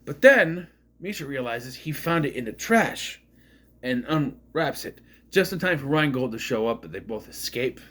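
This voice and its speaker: A man in his thirties talks through a movie in a loose, rambling way. His pitch climbs and dips a lot as he goes. He keeps jumping in to act out lines from the scenes he retells. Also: animated, moderate pace, sharp tone. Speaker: movie reviewer. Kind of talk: casual spoken movie review.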